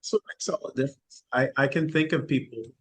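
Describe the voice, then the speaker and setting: A man in his forties, a podcast guest, chatting casually and telling expressive, animated stories. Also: mid-range voice, quick pace, slight background noise. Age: 40s. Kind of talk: casual conversation.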